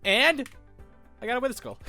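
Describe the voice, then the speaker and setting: A man's voice: very high voice, animated, normal speed, pushed and bright, soft background music. A young American man with a cold, stuffy and sniffling, rambling through casual gameplay commentary as a Minecraft YouTuber. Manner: rambling, self-correcting, sniffling.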